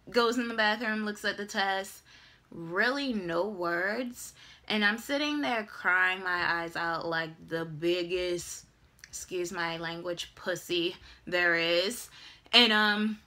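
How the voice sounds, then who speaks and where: A young woman in her twenties telling a dramatic, animated personal story in a casual vlog. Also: medium pitch. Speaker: vlogger.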